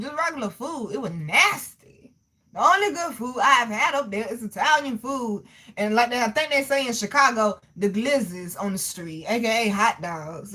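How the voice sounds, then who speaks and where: Brash, lively woman host chatting to her chat. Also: a little high, normal speed. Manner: animated, loud, laughs often, salty slang. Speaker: livestream host reading chat. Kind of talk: casual chat.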